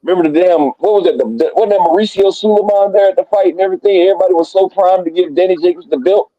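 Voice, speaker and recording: A man hosting a casual boxing talk stream, profane and excitable as he rattles off dream fights. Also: high voice, fast talker, no room sound, muffled recording. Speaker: boxing talk show host. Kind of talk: casual live stream banter.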